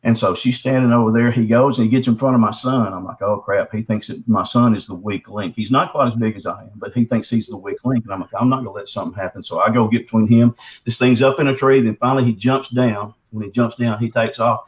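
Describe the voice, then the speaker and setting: Man with a sore throat, rapid folksy storyteller, dull lo-fi line. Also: medium pitch, steady tone. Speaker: guest. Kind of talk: casual storytelling.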